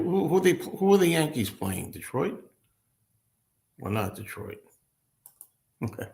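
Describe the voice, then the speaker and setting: A man hosting a relaxed livestream, reading out and answering viewer comments. His voice sits at a middle pitch for a man, and he talks in a loose, unscripted way. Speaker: livestream host. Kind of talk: casual livestream chat.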